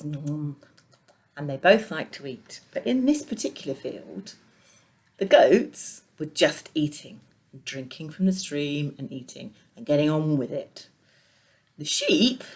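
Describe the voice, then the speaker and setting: A woman leading a children's church session tells a Bible story with puppets. Her voice sits low but swoops widely as she plays to the young listeners. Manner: playful and animated. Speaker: junior church leader.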